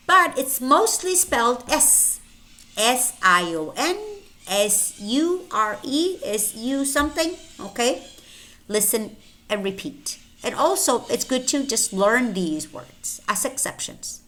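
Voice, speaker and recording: A woman teaching English pronunciation, saying each word slowly and clearly, usually twice, then explaining the spelling. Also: mid-range voice, animated, fairly bright tone. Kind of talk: slow, deliberate pronunciation lesson.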